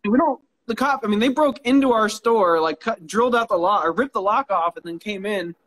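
A man's voice: sits high, a little fast, fairly bright tone. A man in casual interview chat, telling rambling stories with swearing and frequent laughs, talking into a phone on a live stream. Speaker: guest knife maker.

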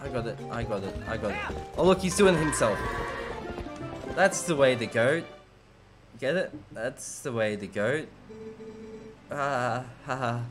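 Over game music, an expressive male let's play streamer speaks at normal speed in a mid-range voice. His commentary is casual and joking, and he answers back to the on-screen characters.

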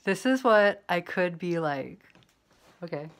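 Soft-spoken woman talking to camera. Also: on the low side, takes it slowly. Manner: quiet, soft-spoken, calm. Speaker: digital creator. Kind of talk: casual video message to camera.

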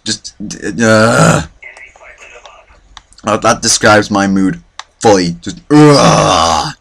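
A man's voice: on the low side, fairly even intonation, normal speed, a bit bright. A young man hosting a let's play, commentating his own matches with self-mocking, mock-boastful trash talk. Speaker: gaming channel host.

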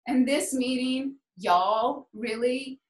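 A woman's voice: a little high, a little slow, roomy sound, low-quality recording. A woman from the American South with a mostly hidden Southern accent, giving a heartfelt, rambling personal speech at a club meeting. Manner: heartfelt, rambling, says y'all. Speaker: club speaker.

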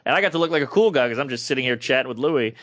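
Animated man telling stories, bright voice. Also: racing. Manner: animated storytelling, voice jumps high when excited. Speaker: podcast co-host. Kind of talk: casual chat.

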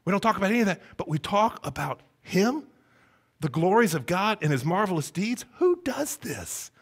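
A man's voice: high voice, big pitch swings, moderate pace, slightly rough. A man pastor preaching a sermon, asking the congregation one rhetorical question after another. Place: church sanctuary.

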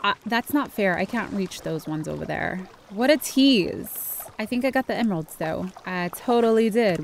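A woman's voice: medium pitch, slight background noise. Giggly woman narrating her gameplay. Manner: chatty, giggly, exclaiming at finds. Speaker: game streamer. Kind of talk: casual gameplay commentary. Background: faint game music.

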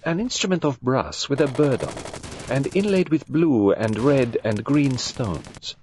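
Man doing a precise old Belgian detective, high-pitched, formal, careful enunciation, lively rise and fall, storybook reading. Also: normal speed, slight background noise, natural voice. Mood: polite, probing.

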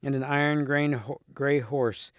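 A man, a teacher, reading a storybook chapter aloud at a clear, steady pace. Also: mid-range voice, unhurried, dry recording, studio quality.

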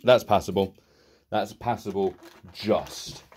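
A man's voice: fairly low pitch, slow pace, darkish tone, a little hiss or hum. A young man giving sarcastic, exasperated casual commentary while reviewing cheap toys. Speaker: toy reviewer.

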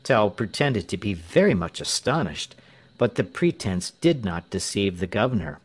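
A man narrating a story in a measured, clear way for English learners. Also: lowish voice, big pitch swings.

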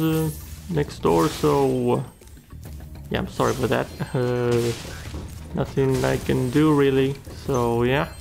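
A man's voice: mid-range voice, creaky, a little mellow. A man giving casual gameplay commentary, muttering, swearing and talking back to the characters on screen. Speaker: let's play gamer.

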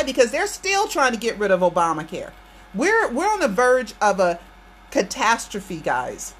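A woman's voice: fairly high pitch, wildly swooping pitch, measured pace, a bit bright, a little hiss or hum. A woman from the United States hosting her channel, ranting emphatically to her viewers and repeating her points for force. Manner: emphatic, repeats phrases, addresses viewers directly. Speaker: channel host. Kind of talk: impassioned political rant to viewers.

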